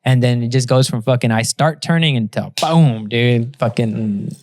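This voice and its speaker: Brief: male podcast host, mid-pitched, swears a lot, acts out the voices in his stories, dry studio sound. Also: normal speed, no room sound. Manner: profane storyteller, lively retelling with put-on voices. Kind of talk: casual chat.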